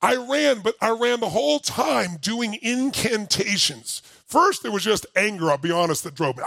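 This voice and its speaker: A middle-aged man giving an animated, emphatic motivational talk to a live audience, rising to near-shouting as he tells a story. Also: sits high, moderate pace, creaky, hardly any pauses, no room sound. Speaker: motivational speaker.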